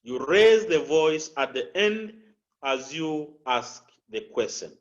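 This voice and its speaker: A man coaching public speakers, slow and deliberate, repeating key phrases and showing inflection with his voice. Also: a little high, animated, highs cut off. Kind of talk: instructional talk with spoken examples.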